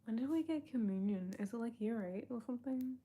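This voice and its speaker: A woman's voice: on the high side, expressive, a little fast, mellow, slightly rough. A young woman, chatting casually with her livestream chat, reading out and answering comments and laughing often. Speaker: livestream host.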